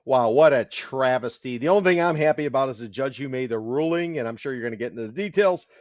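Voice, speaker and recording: A man's voice: medium pitch, expressive, fast, no echo. Male podcast host, casual and upbeat, dull dry recording.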